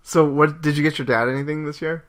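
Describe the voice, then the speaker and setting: A man's voice: on the high side, fairly even intonation, quick pace. A young adult man co-hosting a podcast, chatting casually, upbeat and teasing, laughing often. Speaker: podcast co-host. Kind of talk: casual chat.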